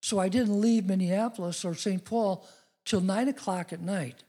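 Husky-voiced middle-aged man preaching. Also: sits high, normal speed, dark tone. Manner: earnest, storytelling, rising to emphatic declarations. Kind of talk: sermon.

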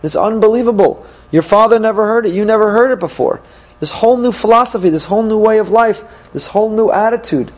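An excited, pushy tempter, as a man puts him on, pitched well above his usual voice and pressing hard. He urges like a salesman, insistent and worked up. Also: quick pace, natural voice. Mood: eager, urging. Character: eager tempting male friend pushing something new. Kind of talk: acted quote in a lecture.

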